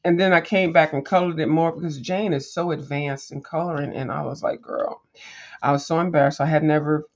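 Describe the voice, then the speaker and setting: A woman's voice: deep voice, steady tone, fast talker, hardly any pauses. Rambling, chatty woman on a dull recording. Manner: rambling and chatty, with many fillers and restarts; talks to viewers as "girl", with sassy "mm-mm" asides. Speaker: coloring channel host. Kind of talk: casual chat while flipping through a coloring book.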